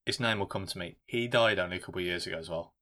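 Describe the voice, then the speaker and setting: A man's voice: low voice, rapid-fire, sharp tone. A man co-hosting a casual film review podcast, rambling and swearing as he jokes. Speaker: podcast co-host.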